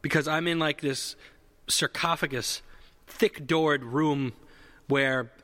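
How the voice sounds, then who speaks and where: A man with a slightly high-pitched, bright, forceful voice tells a rambling comedic story slowly and casually, keeping a steady tone. He corrects himself mid-sentence, often circles back, and swears freely, all under a long hall reverb.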